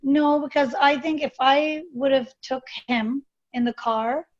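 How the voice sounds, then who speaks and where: A woman guest telling a personal story in an interview, halting and hesitant with many fillers and restarts. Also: sits high, fairly even intonation. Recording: dull lo-fi recording.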